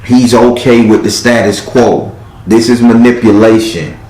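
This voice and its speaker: A man's voice: lowish voice, steady tone, a little slow, darkish tone, echoey room, rough recording. A man doing a live tarot reading, giving blunt, profane advice and acting out the lines he quotes. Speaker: tarot card reader.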